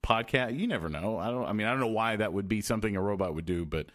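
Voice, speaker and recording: A man hosting a podcast in casual chat, rambling and halting with lots of fillers and restarts. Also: on the low side, a bit bright. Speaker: podcast host.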